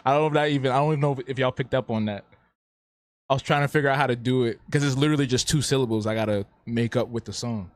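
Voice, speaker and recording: A streamer and artist hosts a live drawing stream, chatting playfully in a mid-range voice at a racing pace. He talks back to the chat, answers viewers, and repeats himself, and the studio-quality audio has no room sound.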